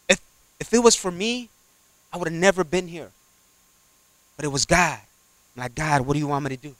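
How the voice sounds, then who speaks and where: Man preaching, animated, bright tense tone, dry close sound, slightly high voice. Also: dry recording. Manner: animated, swings from loud exhortation to quiet asides; acts out little dialogues in character voices. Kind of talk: sermon.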